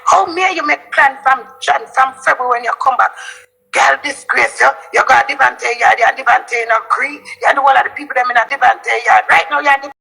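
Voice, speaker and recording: A Jamaican woman tears into someone in a long, accusing rant. Her voice is husky with a gravelly crackle, yet it cuts bright and tense, and her pitch leaps from low mutters to sudden high outbursts. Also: a little fast, faint music behind. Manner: heated, accusing, lurching pitch. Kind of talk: angry ranting monologue.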